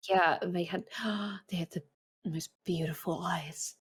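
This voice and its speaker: A woman's voice: lowish voice, steady tone, a little slow, breathy edge. A woman playing a tabletop role-playing game, chatting in a giggly, gossipy way. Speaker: player. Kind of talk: casual in-character chat.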